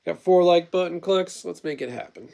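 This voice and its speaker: A man's voice: sits high, normal speed, gravelly, warm tone. A man in his thirties hosting a casual livestream, rambling through stories and blunt, profane opinions while answering chat. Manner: replies to chat messages. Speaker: livestream host.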